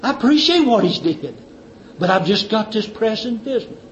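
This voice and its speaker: Give him a high, eager male voice, apologizing too much while dodging an invitation, as the preacher acts the guest out. Keep the sound dull and lo-fi. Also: sing-song, moderate pace, reverberant, slight background noise. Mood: apologetic. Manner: apologetic, ingratiating. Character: polite male guest making excuses. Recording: dull lo-fi recording.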